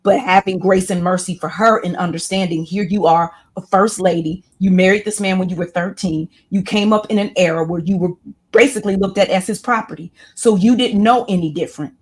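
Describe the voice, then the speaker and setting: A woman's voice: mid-range voice, brisk, darkish tone, husky. Impassioned woman with a preacherly flow. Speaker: guest, women's class leader. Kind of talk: candid interview talk.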